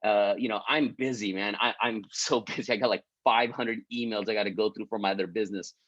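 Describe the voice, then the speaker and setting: A man's voice: on the low side, steady tone, fairly quick, a bit bright, dry recording. A man coaching an online business group in a casual motivational pep talk, full of restarts and repeated "right?", pleading and encouraging. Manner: repetitive, stumbling restarts, keeps asking "right?". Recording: dry, muffled lo-fi audio.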